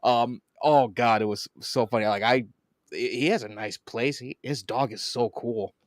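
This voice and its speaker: A man hosting a podcast in casual chat, an animated storyteller who swears and laughs often. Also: medium pitch, a little slow, no echo, clean studio sound. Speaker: podcast host.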